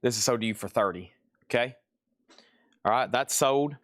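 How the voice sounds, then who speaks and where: A man's voice: medium pitch, moderate pace, a bit bright, no room sound, studio quality. A man hosting a live record sale, talking in a casual, rambling, chatty way. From Tennessee. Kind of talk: live sales stream.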